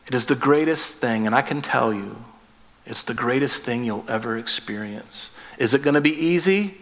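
A man's voice: medium pitch, normal speed, a bit bright, long reverb tail. A man preaching a sermon as pastor, earnest and emphatic, asking the listeners direct questions.

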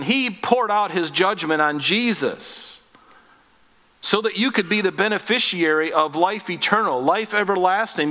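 Folksy, conversational male preacher. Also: bright, forceful tone. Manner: folksy, jokey, rising in pitch and force on emphatic points. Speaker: pastor. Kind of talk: conversational sermon.

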